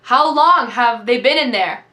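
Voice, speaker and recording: A woman's voice: on the high side, animated, measured pace, sharp tone, reverberant. A woman reading aloud and voicing a tall, blustery male official in a cowboy hat. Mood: questioning.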